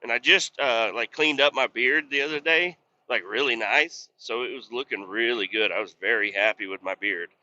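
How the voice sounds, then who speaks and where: Man, casual podcast host, swears freely, exasperated rambling story; very bright voice, slightly dull lo-fi recording. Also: medium pitch, normal speed.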